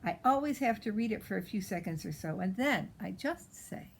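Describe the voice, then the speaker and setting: A woman voicing a precocious, spoiled little girl as she reads a storybook in character, with a pert, drawn-out way of stressing words. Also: mid-range voice, animated, gravelly, slightly rough, low-quality recording.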